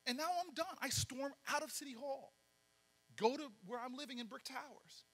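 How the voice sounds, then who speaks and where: A man giving a storytelling speech at a banquet, acting out the dialogue with lively energy. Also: very high-pitched, normal speed. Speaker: political speaker. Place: large banquet hall. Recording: reverberant hall.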